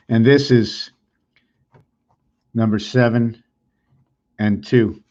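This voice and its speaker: A man's voice: mid-range voice, a little slow. Rambling man musing aloud, lo-fi sound. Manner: rambling, musing, unsure of himself. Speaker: video creator. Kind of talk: thinking aloud while drawing and explaining.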